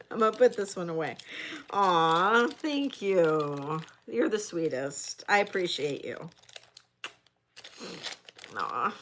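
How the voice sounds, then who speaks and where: A woman's voice: on the low side, animated, fairly bright tone, a little hiss or hum. A woman hosting a live jewelry sale, describing pieces in detail and chatting effusively with viewers. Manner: describes items slowly in detail. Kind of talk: livestream sales chat.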